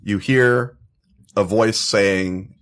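Brief: low, gravelly male game master, hesitant, filler-heavy narration. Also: fairly even intonation, extremely slow, fairly bright tone.

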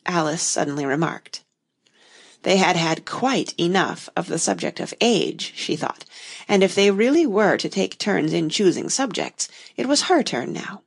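A woman narrating a storybook in an expressive audiobook reading. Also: on the low side, moderate pace, creaky, slightly rough.

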